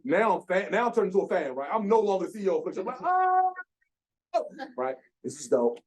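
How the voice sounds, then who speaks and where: A man in his thirties, speaking as a founder at a workshop, telling his story in an animated way and acting out quotes with slang. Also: high-pitched, very fast. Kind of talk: storytelling talk. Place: lecture room.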